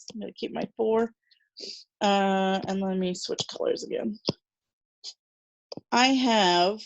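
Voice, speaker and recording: A woman's voice: medium pitch, a little mellow, dry recording, lo-fi sound. A woman teaching a recorded math lesson, chatty and reassuring, thinking aloud as she works through problems.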